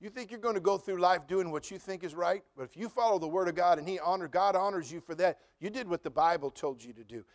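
A man's voice: high voice, quick pace, few pauses. A middle-aged man preaching a sermon as pastor, telling stories and asking the congregation questions, rising to emphatic repeated phrases. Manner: addresses congregation directly with questions.

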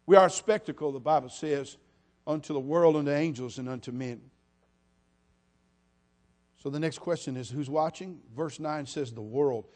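A man preaching a sermon, telling funny stories and swinging between quiet asides and loud, repeated appeals to the congregation. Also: a little high, normal speed, long pauses. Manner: humorous storytelling, repeats "listen to me".

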